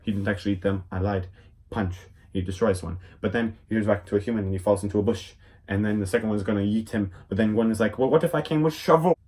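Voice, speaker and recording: Young guy, lower voice, goofy rambling comedy recap with deadpan asides. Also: fast talker. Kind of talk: silly comedic episode summary with quick voice impressions.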